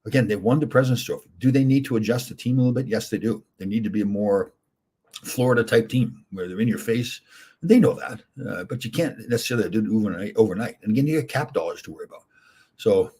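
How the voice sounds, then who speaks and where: Husky, rambling middle-aged male streamer. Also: on the low side, fast talker, warm tone. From Canada. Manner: rambling, chatty, reads viewer comments aloud. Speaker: livestream host answering chat. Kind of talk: casual chat.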